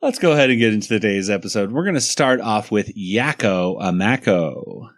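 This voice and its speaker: Low-voiced man hosting a podcast. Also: animated, moderate pace. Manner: easygoing, leads the segment and jokes. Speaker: podcast host. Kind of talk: casual podcast chat.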